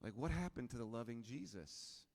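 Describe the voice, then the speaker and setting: A man preaching a sermon as pastor, in a relaxed, conversational way with frequent rhetorical questions. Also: mid-range voice, moderate pace, gravelly, long reverb tail.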